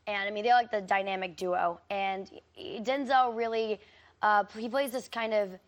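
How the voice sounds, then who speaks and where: A woman's voice: mid-range voice, steady tone, normal speed. A teenage girl, an actress, chatting casually as a talk show guest, with lots of fillers and frequent giggles. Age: teens. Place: TV studio.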